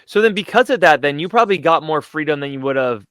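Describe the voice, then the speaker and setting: A young man hosting a podcast, asking relaxed, chatty questions. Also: fairly high pitch, quick pace, clear, resonant tone, no room sound. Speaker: podcast host. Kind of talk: casual interview.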